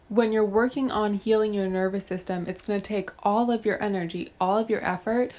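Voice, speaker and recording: A young adult woman talking straight to camera, giving brisk step-by-step coaching advice on self-help. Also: mid-range voice, darkish tone. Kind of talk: direct-to-camera advice monologue.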